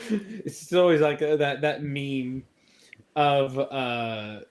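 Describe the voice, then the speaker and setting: A young man chatting casually as co-host, joking and laughing often. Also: medium pitch. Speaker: co-host reacting to a review. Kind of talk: casual chat.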